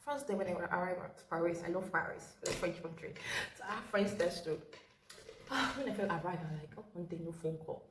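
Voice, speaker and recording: A woman's voice: fairly low pitch, a little fast, noisy background. A woman telling a personal story in a casual storytime vlog. She gives earnest advice and often repeats her key phrases. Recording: roomy echo with faint ambience.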